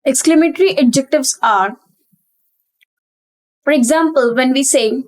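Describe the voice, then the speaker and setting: A woman's voice: high-pitched, unhurried, pauses often, poor audio. A young woman teaching an exam-prep English grammar lesson, explaining step by step and repeating key terms.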